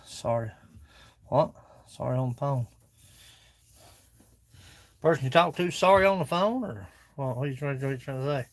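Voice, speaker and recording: A man's voice: mid-range voice, animated, moderate pace, pauses often. A man with a drawl, chatting in a folksy, joking way while tidying his workshop. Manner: folksy, joking, talks to viewers and objects. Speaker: woodworking vlogger. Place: cluttered home workshop.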